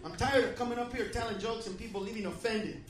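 A man doing a loud, crude stand-up routine, confronting the audience. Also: high-pitched, fast. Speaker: stand-up comedian. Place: comedy club stage. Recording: echoey club from a distant mic, crowd laughter. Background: audience laughing.

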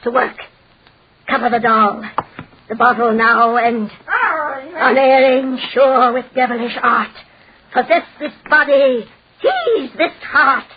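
A woman playing a sinister fortune teller in an old-time radio drama, slowly chanting spells. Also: on the high side, crowd noise. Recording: hissy lo-fi old radio recording.

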